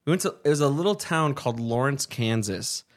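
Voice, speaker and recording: A man's voice: mid-range voice, animated, a little fast. A young American man hosting a casual podcast chat, rambling with many fillers, swearing and laughing often. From United States. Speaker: podcast host.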